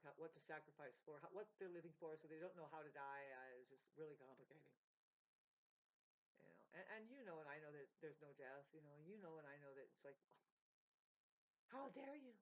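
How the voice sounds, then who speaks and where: Swearing and hopping from topic to topic, a woman vlogger talks about spirituality and music in a stream-of-consciousness ramble, her voice rising and falling. She has a deep, animated voice and talks fast, with the recording's highs cut off.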